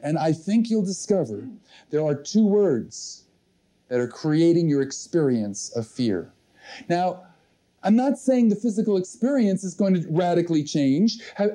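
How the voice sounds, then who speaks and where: Speaking to a live crowd at his motivational seminar, a man shares a personal story with earnest sincerity. His voice is high-pitched and mellow.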